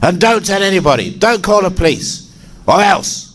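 A man voicing a rough, suspicious male burglar who threatens people with a knife. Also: high-pitched, very animated, a little fast, fairly bright tone, a little hiss or hum, pitched above the performer's own voice. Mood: gruff, threatening. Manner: gruff, blunt and suspicious.

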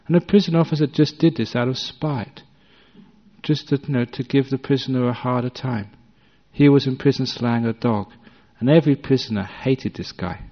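A man giving a dharma talk as a meditation teacher, a conversational storyteller with gentle humor. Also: mid-range voice, normal speed. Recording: dull recording with long hall reverb.

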